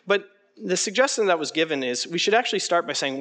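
A man leading an interactive teaching session, conversational and animated, often putting questions to the room. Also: high voice, quick pace. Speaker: preaching workshop instructor.

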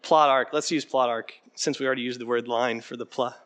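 A man leading an interactive teaching session, conversational and animated, often putting questions to the room. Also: medium pitch, brisk. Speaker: preaching workshop instructor.

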